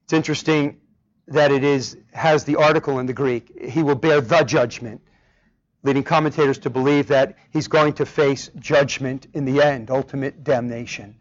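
A man's voice: medium pitch, steady tone, normal speed. Emphatic man preaching, dull lo-fi sound. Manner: emphatic, asks rhetorical questions. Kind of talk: sermon. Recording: dull lo-fi recording.

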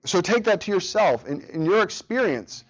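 A man's voice: high voice, sing-song, normal speed. A man in his thirties leading a church Bible study, earnest and repeating phrases for emphasis. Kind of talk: teaching a church study group. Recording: dull lo-fi recording.

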